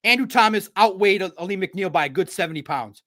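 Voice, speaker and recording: Animated high-voiced man talking sports. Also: fast talker. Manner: animated, jokey riffs with sudden loud bursts. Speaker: sports show host. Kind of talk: casual sports commentary.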